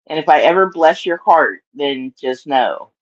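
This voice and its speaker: A woman's voice: sits low, lively intonation, measured pace, lo-fi sound. A woman with a Southern US accent chatting casually to her live-stream audience, rambling and laughing often.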